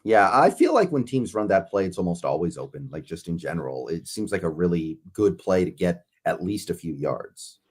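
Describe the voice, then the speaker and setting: A man's voice: low voice, big pitch swings, moderate pace, few pauses, slightly rough. A male guest on a sports show, giving laid-back, brief answers in casual talk over a video call. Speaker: guest player.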